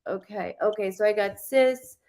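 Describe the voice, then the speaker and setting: A woman's voice: medium pitch, moderate pace, darkish tone. A woman psychic medium giving a live reading, talking in a rambling, emotional way and cursing freely.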